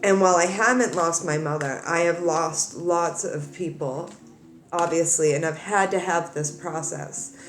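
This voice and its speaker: A woman's voice: lowish voice, unhurried. Tearful woman tarot reader, echoey room. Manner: earnest, repeats and restarts, comforting. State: crying. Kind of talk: emotional direct-to-camera talk.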